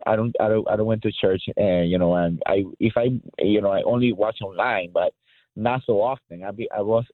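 A male caller with a non-native English accent, speaking haltingly and emotionally on a call-in radio show, with many restarts. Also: lowish voice, fairly even intonation, no echo. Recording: tinny phone line.

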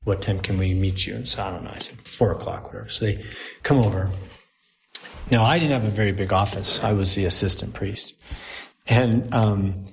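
Male priest in his 40s, lively storyteller, laughs at his own tales, faint hiss behind. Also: lowish voice, moderate pace, gravelly. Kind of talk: storytelling talk to a group.

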